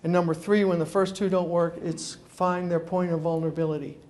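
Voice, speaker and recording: High-voiced New man telling stories. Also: fairly quick. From New York. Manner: animated storyteller acting out phone calls. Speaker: guest speaker. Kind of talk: humorous keynote talk. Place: conference room before an audience.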